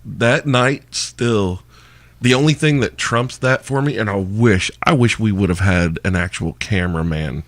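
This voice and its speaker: A man hosting a podcast, telling band stories in casual chat, animated and swearing freely. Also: lowish voice, measured pace, dry recording. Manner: animated, swears freely, acts out quotes loudly. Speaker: podcast host, former band singer.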